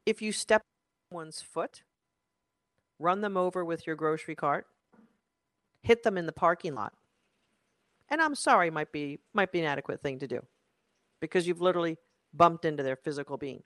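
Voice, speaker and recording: A life coach delivers a motivational talk in an emphatic, insistent way, repeating key phrases. The wording leans spiritual, about energy and the soul. The voice sits at a middling pitch and sounds dry and close. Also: normal speed, long pauses, fairly bright tone, no room sound.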